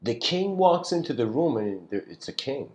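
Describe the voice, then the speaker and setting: A man giving a casual spiritual lecture, telling a story in a loose, rambling way and often clearing his throat. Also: mid-range voice, sing-song, moderate pace, darkish tone.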